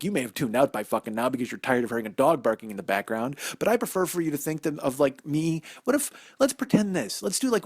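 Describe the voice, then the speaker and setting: A man's voice: medium pitch, dry recording, studio quality. A man in his forties hosting a solo comedy podcast from indoors in a house, rambling and swearing as he mocks himself. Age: 40s. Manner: rambling, profane, self-mocking. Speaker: podcast host. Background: dog barking.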